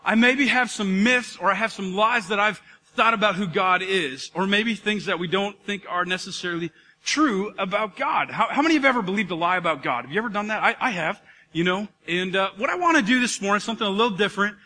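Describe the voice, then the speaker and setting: A fairly quick, high-voiced man delivers a sermon as pastor, his words trailing off into long reverb in the church auditorium. Casual and full of energy, he chats and jokes with the congregation as he preaches.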